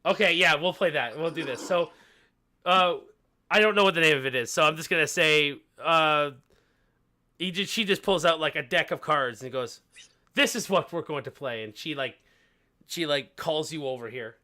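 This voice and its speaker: A man narrating a tabletop game as game master, halting with frequent fillers and restarts. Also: a little high, pushed and bright.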